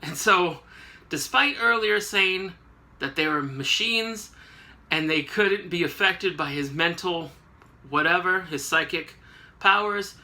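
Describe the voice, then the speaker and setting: Brief: male host, casual rambling comic recap, joking asides, very bright sharp tone. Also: high voice, takes it slowly. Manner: rambling, joking, many fillers.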